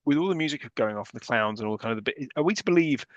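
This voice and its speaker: A man's voice: medium pitch, animated, racing, no echo, dull audio. A man co-hosting a podcast, chatting casually about a film with dry, wry remarks. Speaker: podcast co-host.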